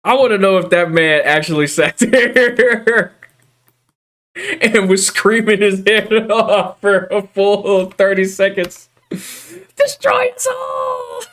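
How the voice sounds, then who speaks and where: A young man streaming, chatting casually, rambling, swearing freely and drifting between loud bursts and mutters. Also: high voice, takes it slowly. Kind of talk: casual livestream chat.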